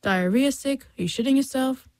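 Nosy blunt schoolgirl on the phone, a bit higher, prying rising questions, a woman narrator putting her on. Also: normal speed, darkish tone, no echo.

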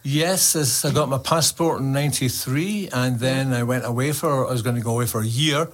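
Glaswegian man, poet guest, mid-pitched, jokey and rambling, Scots words. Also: brisk. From Scotland. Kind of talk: casual chat and poetry reading.

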